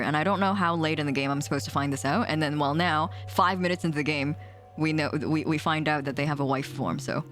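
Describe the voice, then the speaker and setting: A woman's voice: low-pitched, quick pace, a bit bright, soft background music. A woman streaming a game, commenting in a chatty, rambling way and giggling often. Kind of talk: casual live-stream commentary.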